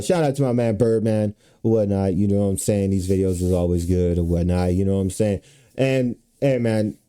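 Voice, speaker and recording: Here a man in a warm, mid-range voice gives casual reaction commentary as a streamer. His talk is slangy and loose, full of fillers such as "bro" and "you know what I'm saying."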